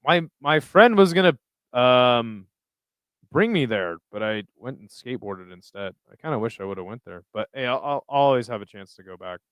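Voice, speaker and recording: Smooth-voiced young man chatting loosely. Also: mid-range voice, lively intonation, normal speed, fairly bright tone, no echo. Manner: loose, profane, rambling. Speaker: livestream host reading chat. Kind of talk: casual live chat.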